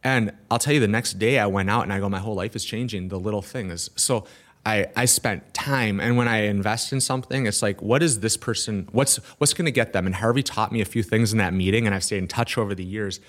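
A man's voice: fairly low pitch, brisk. A man, an entrepreneur, telling a story in an interview and acting out the dialogue of the people in it. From Minnesota. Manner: lively storyteller who acts out quoted dialogue. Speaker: guest entrepreneur.

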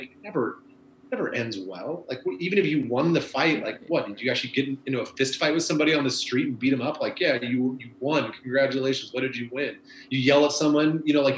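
A former bike messenger with a medium-pitched voice chats casually, rambling in a laid-back way and using lots of fillers like "you know." The recording is rough and reverberant, with slight background noise.

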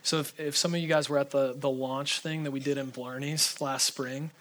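A man preaching a sermon in a casual, conversational way, full of fillers, swinging between urgent pleading and hushed intensity. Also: mid-range voice, steady tone, normal speed.

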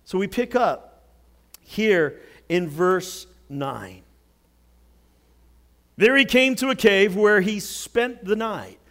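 Animated high-voiced male preacher. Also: slow pace, pauses often. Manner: animated storytelling, dramatic swings from loud to hushed. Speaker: pastor. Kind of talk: sermon.

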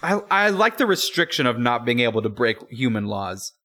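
A man's voice: mid-range voice, sing-song, moderate pace, bright, forceful tone. Rambling, laughing man co-hosting a podcast. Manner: rambling, restarts often, laughs easily. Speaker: podcast co-host. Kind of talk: casual chat.

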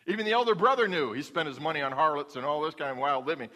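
A man's voice: fairly high pitch, very fast, hardly any pauses, bright, forceful tone. A male pastor preaching a folksy, humorous sermon in a church. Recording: long hall reverb.

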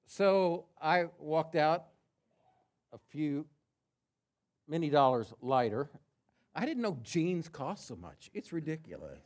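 A man's voice: a little high, sing-song, slow pace, pauses often. Man preaching a sermon. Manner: conversational storytelling with quiet asides. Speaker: pastor.

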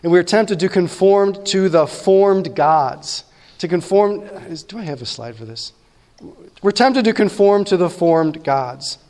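A man's voice: high-pitched, expressive, unhurried, darkish tone, long reverb tail. A man preaching a sermon as pastor, talking conversationally and often asking his listeners "right?".

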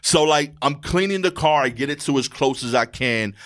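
A young man telling a story in slangy, animated casual chat as a podcast guest. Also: a little high. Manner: animated, slangy, fast-running anecdote.

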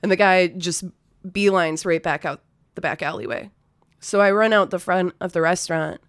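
A woman with a lowish, smooth and clean voice recounts a story in a relaxed, conversational way. She swears freely, leans on fillers, and breaks into short nervous laughs. The sound is close and dry, with no room echo. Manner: loose and profane, many fillers, nervous laughs. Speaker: storyteller, former restaurant server. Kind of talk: casual spoken anecdote.

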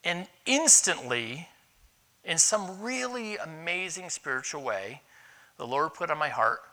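Lively, bright-voiced male pastor preaching. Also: fairly high pitch, unhurried. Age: middle-aged. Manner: animated storytelling, candid and personal. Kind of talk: sermon.

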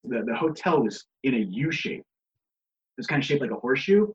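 Guest man, casual storyteller, curses freely, laughs a lot, acts out quotes; muffled lo-fi recording, average pitch. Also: very animated, moderate pace. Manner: profane, laughing, acts out others' lines. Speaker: guest, pro wrestler.

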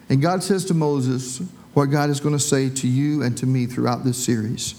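A man's voice: medium pitch, fairly even intonation, moderate pace, few pauses, mellow, slight background noise. A man preaching a sermon as pastor, telling the story in a conversational way with folksy asides.

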